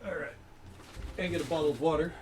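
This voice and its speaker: A man's voice: on the high side, fast, a little hiss or hum. A man, chatting casually and rambling while he streams a game. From American South. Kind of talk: casual livestream commentary.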